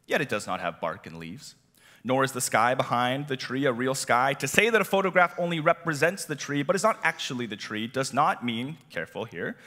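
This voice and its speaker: A man preaching a sermon as youth director, animated with playful asides. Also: fairly high pitch. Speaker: youth director and teaching pastor. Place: church hall. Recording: long church hall reverb.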